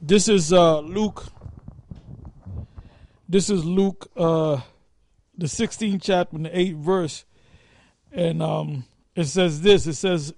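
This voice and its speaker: A man reading scripture slowly in a sermon, then commenting on it. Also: fairly high pitch, darkish tone, dry recording. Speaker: preacher. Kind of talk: sermon-style teaching.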